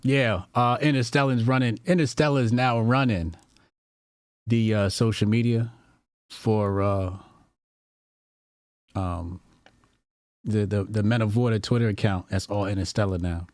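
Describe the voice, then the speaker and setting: A man hosting a call-in show, taking callers and giving shout-outs. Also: on the low side, unhurried, pauses often, dry recording, studio quality. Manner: lively, brief responses, laughs along. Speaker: host.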